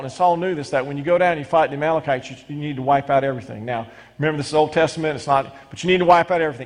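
A middle-aged man preaches with lively emphasis, doubling back on his words as he reads scripture aloud. His voice sits a touch high for a man. A long reverb hangs on every phrase, like a big church sanctuary. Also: fast talker. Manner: animated preaching with frequent restarts. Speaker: pastor. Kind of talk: sermon.

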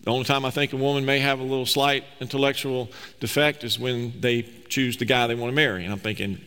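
Forceful preaching man in a reverberant hall. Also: mid-range voice, steady tone, fast talker, hardly any pauses, clean tone. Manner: emphatic preaching, reads scripture aloud and explains it. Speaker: pastor. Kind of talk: sermon. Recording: long reverb of a large hall.

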